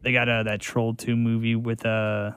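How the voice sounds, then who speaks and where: A man's voice: mid-range voice, monotone, moderate pace, a bit bright, clear, resonant tone, no room sound. Joking man rambling on radio. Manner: joking, teasing, rambling with many fillers. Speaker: restaurant guest. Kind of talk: casual radio chat. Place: radio studio.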